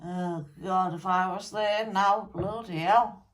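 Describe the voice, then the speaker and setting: A woman's voice: mid-range voice, fairly even intonation, slow pace, natural voice. A woman channelling the spirit of a blunt, angry male rock musician, scolding and swearing at listeners. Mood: ranting.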